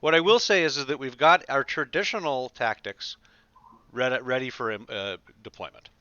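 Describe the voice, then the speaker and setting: A man's voice: medium pitch, normal speed, sharp tone, a little hiss or hum. A man playing a tabletop game, giving orders in character with some hesitant fillers. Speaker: player. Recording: dull lo-fi mic.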